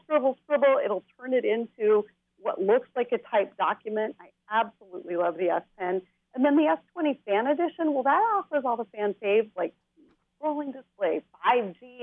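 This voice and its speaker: A woman's voice: medium pitch, dry recording. A woman giving a bubbly, enthusiastic rundown as a tech expert guest on a TV segment, laughing now and then. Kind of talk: TV segment interview, product rundown. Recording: tinny phone line.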